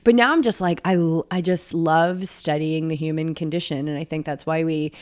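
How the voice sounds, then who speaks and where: A woman hosting a casual team chat, a lively storyteller who asks the others about their races. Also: sits low, normal speed. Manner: lively storyteller, mimics people. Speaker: host.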